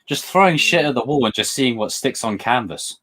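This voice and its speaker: A man in easy, animated conversation, laughing often and slipping into quick mock voices. His middle-pitched voice swings widely up and down. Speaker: podcast co-host. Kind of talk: casual chat.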